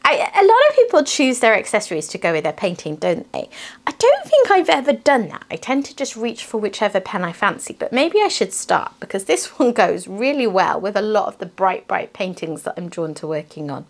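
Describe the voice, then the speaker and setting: A woman chats through her collection in a relaxed show-and-tell. She rambles a little and keeps asking the viewer to agree with her. Her pitch is mid-range but swings up and down freely. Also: fairly quick, few pauses. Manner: chatty, rambling, with tag questions. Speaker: craft vlogger.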